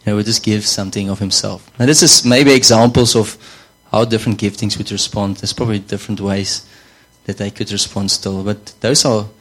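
A man's voice: on the low side, steady tone, a little fast, few pauses, fairly bright tone, poor audio. A man preaching a sermon in a conversational way, often repeating words and saying "you know".

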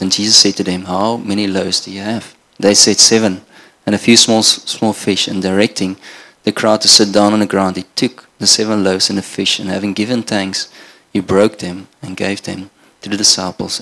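A middle-aged male pastor from Namibia delivers a sermon in an earnest, conversational manner. His voice sits low with a gravelly edge. He speaks with little rise and fall in pitch. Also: pushed and bright. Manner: earnest, conversational preaching with restarts.

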